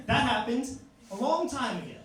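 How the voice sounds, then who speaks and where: A man in his twenties doing a stand-up set in a comedy club, telling stories deadpan and acting out hecklers. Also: very high-pitched. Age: 20s. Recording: live club room, echoey, distant mic, audible noise and laughter.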